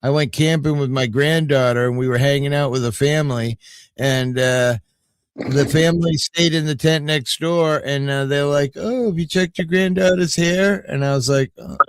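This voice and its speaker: A man's voice: mid-range voice, clean tone, dry recording. An older man hosting a casual livestream, rambling through stories and swearing freely. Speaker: livestream host.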